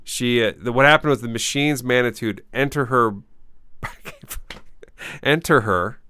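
A man's voice: mid-range voice, unhurried, sharp tone, clear, resonant tone. A man co-hosting a podcast, chatting casually about a movie, rambling with frequent laughs. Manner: rambling, laughs often, restarts. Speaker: podcast co-host.

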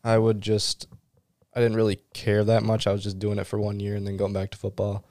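A man's voice: fairly low pitch, completely flat delivery, brisk, darkish tone, dry recording, clean studio sound. A teenage boy, a student runner, giving laid-back answers on a podcast with many ums. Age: teens. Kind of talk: casual interview answers.

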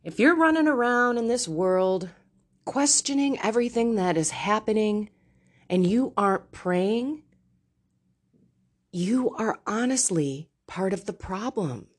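A woman's voice: medium pitch, expressive. A middle-aged woman hosting a Catholic podcast, speaking frankly and confessionally from a seat in a home. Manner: frank and confessional, slow and deliberate. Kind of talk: candid faith talk. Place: seated in a home.

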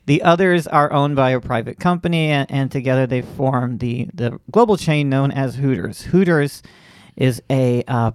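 A man's voice: medium pitch, dry recording. A man from Florida hosts a comedy podcast in a loose, rambling way, full of fillers and dry asides. His voice sits mid-range and is recorded close and dry. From Central Florida. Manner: chatty, wry, frequent fillers and restarts. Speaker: podcast host. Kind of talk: casual comedic chat.

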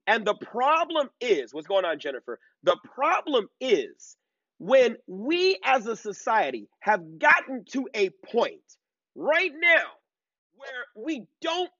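A man's voice: extremely high pitch, wildly swooping pitch, takes it slowly, sharp tone, no echo. A man in his thirties hosting a live-streamed commentary lecture, emphatic and drawn out, full of fillers and repeated "okay?" checks. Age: 30s. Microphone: laptop. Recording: dull lo-fi and dry.

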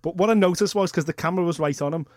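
A male talk radio host with a fairly high voice who speaks fast and with animation. He stacks several questions on top of each other. The studio sound is dry and close. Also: dry recording.

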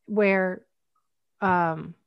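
A woman's voice: lowish voice, fairly even intonation, extremely slow, gravelly, smooth, no room sound, highs cut off. A woman from Northwestern Pennsylvania hosting a casual interview, telling stories in a chatty way and laughing easily. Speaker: podcast host.

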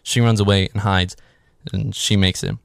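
Sarcastic male movie recapper, lowish voice, dry close sound, loose and profane. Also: steady tone, moderate pace, vocal fry, smooth, no echo. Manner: sarcastic, swears freely, filler "like". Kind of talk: casual comedic movie recap.

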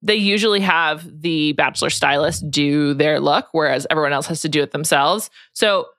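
Brief: woman host, low-pitched but bright, chatty and quick to laugh, dry close sound. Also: no room sound. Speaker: podcast host. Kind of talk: casual chat.

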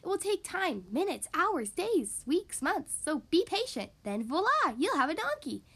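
A woman voicing a sly, fast-talking male fox who sells like a pushy salesman, in a children's storybook reading. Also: very high voice, very animated, fairly bright tone, pitched above the performer's own voice, full character voice. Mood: selling.

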